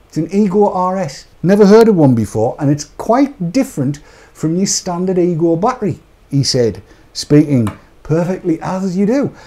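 A man's voice: high voice, mellow. A man hosting a live show, chatting and joking off the cuff as he rambles through products. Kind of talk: casual live-stream chat.

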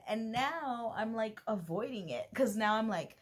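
Gushing, husky young woman. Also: on the high side, animated, unhurried. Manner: gushing, laughs often, reads passages aloud. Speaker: book vlogger. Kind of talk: casual reading vlog.

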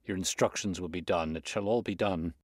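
A man voicing a fierce, bullying elderly horse trainer who blusters and shouts. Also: lowish voice, expressive, moderate pace, no room sound, studio quality. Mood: cringing.

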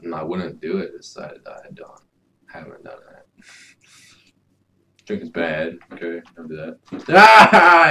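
A young man giving loud, swearing let's play commentary, swinging between shouts and mumbles. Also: deep voice, a little hiss or hum, poor audio. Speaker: gaming YouTuber.

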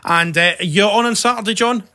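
A man's voice: high-pitched, a little fast, pushed and bright. A Scottish man hosting a football podcast, teasing his co-host and running the segments in casual banter. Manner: teasing, wry, runs the segments.

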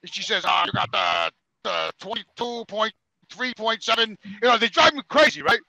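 A man's voice: high voice, normal speed, vocal fry, bright, forceful tone, no room sound, poor audio. A man telling an exasperated, profane story on a podcast, acting out the people in it. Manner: exasperated, heavy swearing, acts out quotes. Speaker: podcast regular.

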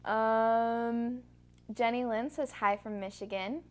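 Slow, easygoing woman reading comments. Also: on the high side, steady tone. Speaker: co-host reading viewer comments. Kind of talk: reading out comments on a live stream.

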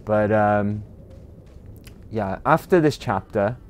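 A man's voice: fairly low pitch, slow pace, a little hiss or hum. A man with a British accent, chatting casually to viewers while livestreaming a game, rambling with lots of ums and uhs. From Britain. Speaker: game streamer.

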